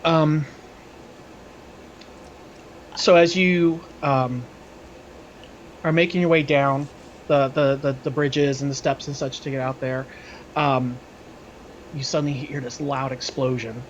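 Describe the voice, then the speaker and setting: A man's voice: mid-range voice, flat delivery, measured pace, dull audio, slight background noise. A man narrating as game master of a tabletop game, building scenes with loose, hesitant descriptions. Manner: describing scenes with many fillers and restarts.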